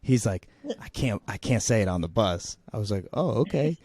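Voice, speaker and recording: A man's voice: on the low side, expressive, moderate pace, warm tone, no room sound. A young man telling a funny story to his grandmother in a casual chat. He laughs as he goes and often restarts his sentences. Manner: rambling, laughing, many restarts. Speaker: vlogger.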